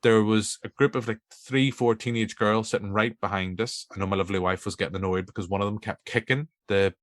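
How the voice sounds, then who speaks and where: A man's voice: fairly low pitch, steady tone, fairly quick, dry recording, clean studio sound. A middle-aged man with a Northern Irish accent hosting a film podcast, chatting in a rambling, self-mocking way. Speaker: podcast host. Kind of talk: casual chat.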